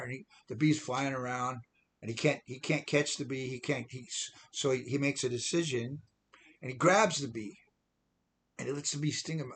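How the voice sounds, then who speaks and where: A man's voice: medium pitch, steady tone, moderate pace, fairly bright tone, breathy edge. A man giving an informal devotional talk as an online preacher, chatting along and often repeating and restarting phrases.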